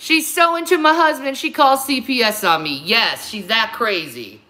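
Furious woman streamer, high animated voice, bright and sharp, swearing and repeating herself. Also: normal speed. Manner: profane, confrontational, repetitive. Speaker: livestreamer. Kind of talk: angry livestream rant.

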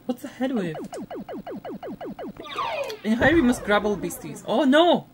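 Excitable woman yelling at a retro game. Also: a little high, unhurried. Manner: exclaims, laughs and scolds the game. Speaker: gaming channel host. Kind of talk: excited let's-play commentary. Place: home, playing retro computer game. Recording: game music loud behind.

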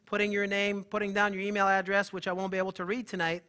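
Man, high voice, bright tone, animated, emphatic, banters with a live audience. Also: quick pace. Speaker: holistic health practitioner giving a talk. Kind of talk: live seminar talk to an audience.

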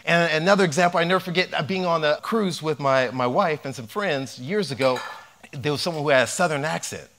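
A man who is a cardiologist giving a health lecture, animated and telling humorous stories. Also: fairly high pitch, a little fast.

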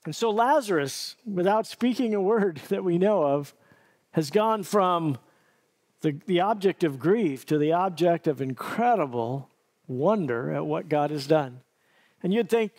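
A man's voice: a little high, animated, measured pace, darkish tone. A middle-aged man preaching a sermon, telling a story vividly and earnestly, often restarting his phrases. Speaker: pastor.

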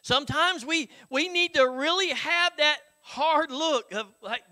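A middle-aged pastor preaching in a high, ringing voice. He keeps it folksy and conversational, tossing "Hello?" out to the congregation. His tone is bright and forward. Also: a little slow, hardly any pauses. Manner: folksy, conversational preaching with frequent "Hello?" call-outs and chuckles. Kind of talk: sermon.

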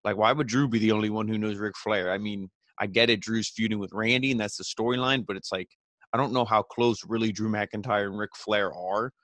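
A man's voice: lowish voice, steady tone, a little fast, fairly bright tone, dry recording. A young man recapping a wrestling show in a loose, rambling way, full of fillers and swearing. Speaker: podcast host reviewing wrestling. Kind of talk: casual recap.

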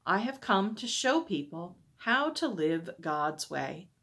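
A calm, gentle man who explains himself with quiet certainty, read aloud by a woman from a children's storybook. The pace is slow and the voice soft and breathy, with a lively rise and fall. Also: fairly low pitch, full character voice. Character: calm, gentle adult male teacher, quietly sure.

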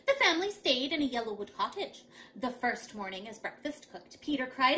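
A woman reading a picture book aloud to young children, dramatic and lively. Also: high-pitched, a little fast. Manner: animated, dramatic. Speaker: children's storyteller.

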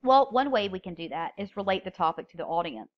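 A woman's voice: mid-range voice, expressive, fast, muffled recording. Woman lecturing on public speaking. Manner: explains step by step, stresses key words when reading examples. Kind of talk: recorded lecture.

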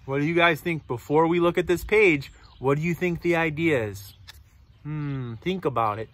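A man's voice: fairly high pitch, normal speed, no room sound. A man reading a picture book aloud to children, stopping to ask them questions. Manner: animated, asks listeners questions. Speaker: storybook reader.

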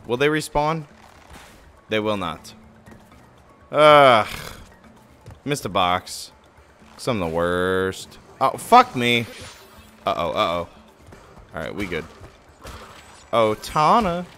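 Excitable, swearing man streaming a game. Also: fairly low pitch. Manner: excitable, swears often, mocks his own mistakes. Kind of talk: live gameplay commentary.

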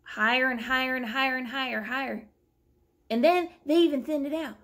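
Rambling, gravelly woman telling a story. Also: high-pitched, brisk. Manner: animated, rambling, exasperated storytelling. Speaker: vlogger. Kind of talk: casual storytelling vlog. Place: at home.

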